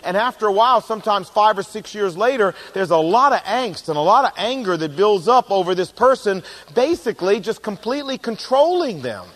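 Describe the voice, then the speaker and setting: A man giving a humorous seminar talk on personality types in marriage, animated, acting out quoted voices and chuckling at his own jokes. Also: high voice, brisk. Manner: animated storyteller who acts out quoted voices.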